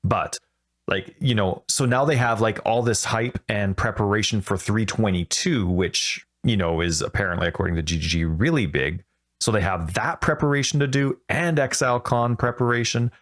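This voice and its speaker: A man hosting a gaming podcast, talking in a rambling, excitable way and often correcting himself mid-sentence. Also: fairly low pitch, normal speed. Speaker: podcast host. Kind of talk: casual podcast chat.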